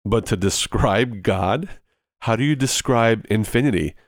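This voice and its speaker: A man preaching with a fairly low voice, urging and pleading with his listeners and repeating lines to drive them home. The sound is dry and close, with no room around it. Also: measured pace, no room sound. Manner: earnest, pleading, repeats phrases for emphasis. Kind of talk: sermon.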